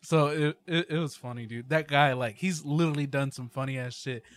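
A man's voice: a little high, a little fast, dry recording. A man in casual chat, laid back, adding short remarks and comments.

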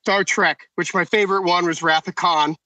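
Bright high-voiced man telling stories. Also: fairly even intonation, moderate pace, dry recording, low-quality recording. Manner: rambling, enthusiastic storyteller. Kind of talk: casual chat.

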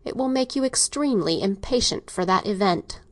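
A woman reading an audiobook, voicing a middle-aged doctor father who is domineering and speaks in a measured, dry, ironic way. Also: medium pitch, expressive, lightly acted. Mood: cold.

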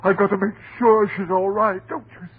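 An actor playing an anguished husband near madness, in overwrought 1940s radio acting that pleads and cries out. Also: male voice, high voice, flat delivery, a little fast, slightly rough. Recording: tinny, noisy old radio recording.

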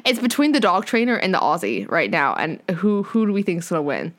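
A woman's voice: lowish voice, big pitch swings, brisk. A woman co-hosting a podcast in casual chat, talking freely with lots of fillers and casual swearing. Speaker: podcast co-host.

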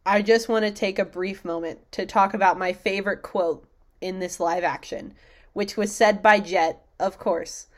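A young woman with a medium-pitched voice talks at a normal pace in a casual chat. She swears a lot and livens things up by loudly performing quotes in energetic bursts.

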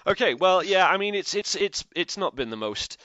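Man, podcast host, bright tone, crisp voice, dry close sound. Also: high-pitched, big pitch swings, normal speed, no echo, lo-fi sound. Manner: chatty, rambling, upbeat plugs. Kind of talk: casual podcast chat.

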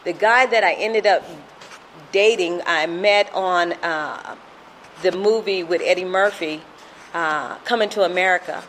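A woman's voice: lowish voice, unhurried, a bit bright, a little hiss or hum, low-quality recording. A middle-aged woman sharing a personal recovery testimony in an earnest storytelling manner, acting out the voices she quotes.

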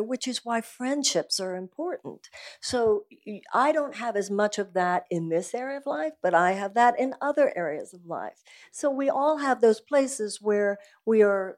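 A woman speaking as a guest at a live event, talking about spiritual life in an earnest, animated, emphatic way. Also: mid-range voice. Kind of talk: conversational talk at a live event.

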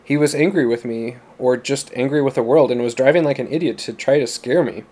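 A man voicing a young American defendant who answers in an earnest, protesting way, with a dark, mellow voice. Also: mid-range voice, fairly quick, lightly acted. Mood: pleading. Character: young American man on trial, bewildered and pleading.

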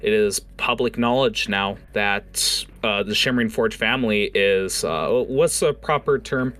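Deepish man narrating a tabletop game. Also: fairly bright tone. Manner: halting, many fillers and self-corrections. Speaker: game master.

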